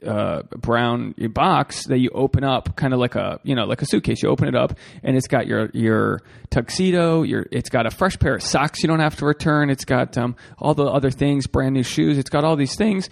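Gravelly, rambling male podcast host. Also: mid-range voice, moderate pace, few pauses. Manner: rambling, profane, talks straight to listeners as folks. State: a bit out of breath. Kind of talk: solo podcast monologue.

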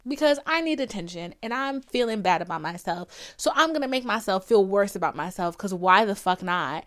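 Speaking a little fast with few pauses in a mid-range voice, a young female podcast host launches into a casual, rambling rant about her love life. It's profane and dramatic, and she mimics others by quoting them in exaggerated voices.

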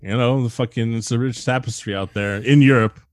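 A man's voice: medium pitch, fairly even intonation, fairly quick, no echo, clean studio sound. A man chatting casually as a podcast co-host, rambling and swearing a lot as he jokes. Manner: rambling, profane, jokey. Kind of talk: casual chat.

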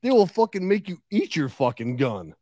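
A man's voice: high voice, sing-song, moderate pace, warm tone, no echo, clean studio sound. A man co-hosting a casual podcast, swearing freely and getting worked up as he rants. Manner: profane, gets worked up and ranting. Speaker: podcast co-host. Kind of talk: casual chat.

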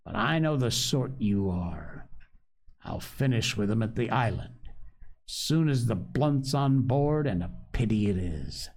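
A man's voice: on the low side, expressive, unhurried, a little mellow. A man voicing a sly, scornful old pirate cook who talks in a growling pirate dialect. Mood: contemptuous.

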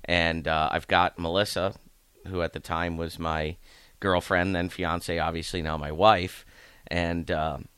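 A man's voice: low voice, flat delivery, a little slow, a bit bright, smooth, no echo. A man from Ohio, a coach, telling long, rambling anecdotes in a casual interview and acting out the voices of the people in them. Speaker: hockey coach.

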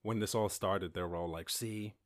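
Low-voiced man telling a rambling story. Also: fairly quick, no room sound, clean studio sound. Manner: rambling, animated storytelling with swearing and bursts of outrage. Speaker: podcast host. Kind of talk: casual monologue answering listener questions. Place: lives in rural Ireland.

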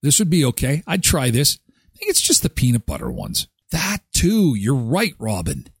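A middle-aged Canadian man hosts a live show, reading viewer comments with animated, casual chatter and sarcastic jokes. His mid-range voice moves at normal speed, creaky and a bit rough, in clean studio sound without echo.

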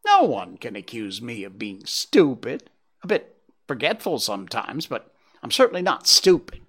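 A man's voice: mid-range voice, huge pitch swings, normal speed, a bit bright, breathy edge, full character voice. A man voicing a screeching, touchy male jay bird in a storybook reading. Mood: indignant. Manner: screechy, indignant.

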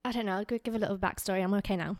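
A woman's voice: mid-range voice, racing, darkish tone. A woman co-hosting a podcast, talking through an emotional story with lots of "like" and close to tears. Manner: tearful, filler-heavy storytelling. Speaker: podcast co-host.

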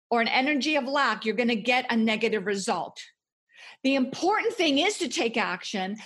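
Passionate breathy woman, high voice. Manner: passionate, emphatic motivational talk. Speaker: author and guest. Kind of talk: podcast interview.

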